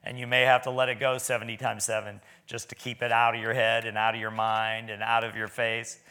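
A man's voice: medium pitch, monotone, fairly quick, sharp tone, smooth. A man preaching a sermon in a church, talking in a folksy, conversational way with stammering restarts.

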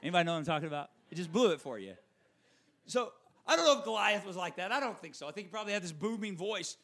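Brief: male pastor mid-sermon, fairly high voice that swoops a lot, animated, repeats lines for emphasis. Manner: animated preaching, repeats key phrases, quick asides to the congregation.

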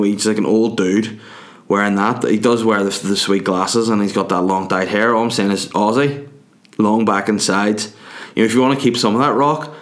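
A young man, rambling through a crude comic monologue full of tangents. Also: fairly low pitch. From Ireland.

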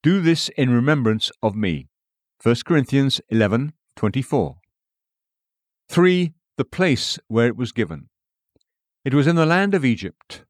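Male narrator for a devotional audiobook, varied lively intonation, dry close sound. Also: mid-range voice, no echo. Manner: measured, quoting scripture and verse references. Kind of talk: scripted devotional reading.

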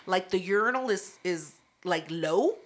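A woman's voice: on the low side, measured pace. A woman co-hosting a podcast, telling a story in casual chat, swearing a lot, laughing often and acting out what people said. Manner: profane, animated, laughs often, acts out quotes. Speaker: podcast co-host.

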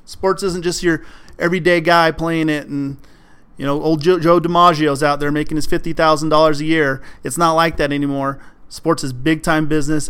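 A man hosting a solo sports podcast, talking in an animated, emphatic way and mocking fans' complaints. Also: fairly high pitch, smooth. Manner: animated, emphatic, mocking quoted fans in exaggerated voices. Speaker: podcast host.

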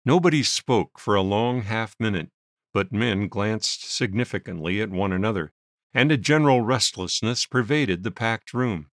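A man narrating a story in a measured storytelling manner. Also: fairly low pitch, fairly bright tone, no room sound, studio quality. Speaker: audiobook narrator. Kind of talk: scripted narration.

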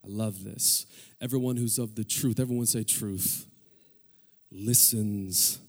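A man's voice: lowish voice, fairly even intonation, moderate pace, a little mellow. A man preaching a sermon as pastor, calling out for amens from the congregation and building in intensity. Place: church sanctuary. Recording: long hall reverb.

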